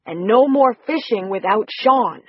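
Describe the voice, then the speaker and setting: A big, gruff man with a raspy, breathy voice, as an audiobook narrator puts him on. He talks simply and earnestly, pleading at times. The recording is dry and a little muffled. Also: high voice, expressive, takes it slowly, no room sound, voice pushed up, exaggerated voice.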